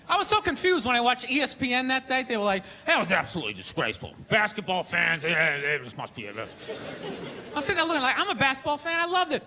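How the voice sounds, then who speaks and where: A male stand-up comedian performing a sarcastic, ranting set on a theater stage, often breaking into shouts. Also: very high voice. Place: theater stage before a live audience. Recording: live theater recording with audience laughter and noise.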